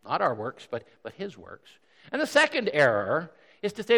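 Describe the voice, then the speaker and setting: A man's voice: a little high, wildly swooping pitch, moderate pace, gravelly, a bit bright. Preaching man in a reverberant hall. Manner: earnest, with frequent word repeats and rhetorical questions. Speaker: pastor. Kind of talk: sermon.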